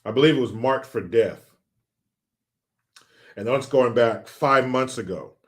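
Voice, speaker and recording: A man's voice: mid-range voice, unhurried. A middle-aged man hosting a casual livestream, reading viewer comments in a loose, joking, sometimes profane way. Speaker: livestream host.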